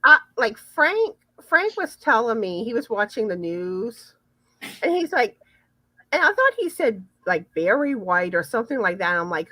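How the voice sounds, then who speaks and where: A woman's voice: a little high, sing-song, moderate pace, sharp tone, no echo. A woman hosting a casual live chat, chatty and often repeating words as she starts a sentence. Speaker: livestream host.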